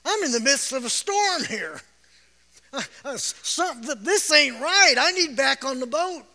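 A man voicing the apostle Peter as a fisherman who is amazed at first, then stammering in alarm, in quick, muttered asides during a sermon. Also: very high voice, very animated, bright, forceful tone, exaggerated voice. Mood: awed, alarmed. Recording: long hall reverb.

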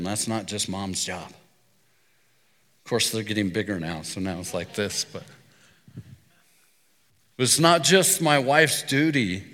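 A man's voice: lowish voice, fairly bright tone. A middle-aged man preaching a sermon as pastor, telling stories in a conversational way. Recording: long reverb of a hall.

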